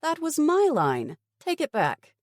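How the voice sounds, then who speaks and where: A woman voicing a blunt, sarcastic young woman survivor who teases her friends, in an audiobook read on a low, dark, dry voice. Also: big pitch swings, unhurried, creaky, no room sound, full character voice.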